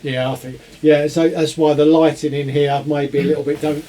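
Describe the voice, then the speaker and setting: Mellow, higher-voiced man telling a story. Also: a little fast. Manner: animated storyteller. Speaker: podcast co-host. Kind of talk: casual chat.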